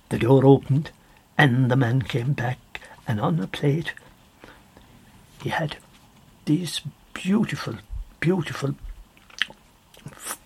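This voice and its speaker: A man's voice: mid-range voice, slight background noise. A man with an Irish accent telling a traditional folk tale, repeating phrases and speaking straight to the listener. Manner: repetitive, addresses the listener. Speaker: storyteller.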